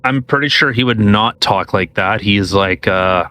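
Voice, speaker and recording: A man's voice: lowish voice, a little slow, bright, forceful tone, no echo. A man co-hosting a casual podcast who rambles and hesitates, restarting his sentences as he talks. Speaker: podcast co-host.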